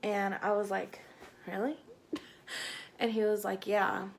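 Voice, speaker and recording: Gravelly-voiced woman telling a story. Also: mid-range voice, flat delivery, a little slow, slight background noise. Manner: chatty, rambling, with fillers and self-corrections. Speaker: vlogger telling a personal story. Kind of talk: casual storytime chat.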